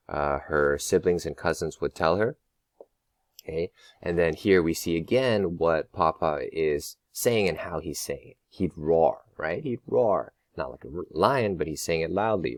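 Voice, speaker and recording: A male teacher walking students through their work in a patient, explanatory way, with many pauses and rhetorical questions to the class. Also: low voice, dry recording. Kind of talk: recorded lesson walkthrough.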